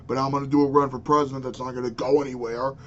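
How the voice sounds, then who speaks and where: A man's voice: medium pitch, level tone, rapid-fire, highs cut off, a little hiss or hum, lightly acted. A man putting on a boastful, self-satisfied male professor running for office, who talks in a smug, bragging way. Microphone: webcam.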